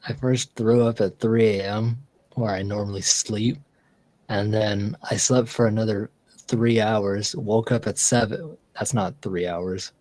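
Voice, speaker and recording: A man's voice: on the low side, steady tone, a little slow, a little mellow, no echo, low-quality recording. A man streaming casually, telling a long story with lots of fillers and restarts. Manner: rambling storyteller with many fillers. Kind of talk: casual live-stream chat.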